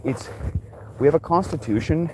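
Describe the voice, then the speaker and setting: A man's voice: fairly high pitch, normal speed. A man ranting in a rambling, frustrated monologue while walking his dogs outdoors, swearing often and restarting his sentences. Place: outdoors on a walk. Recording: noisy outdoor ambience.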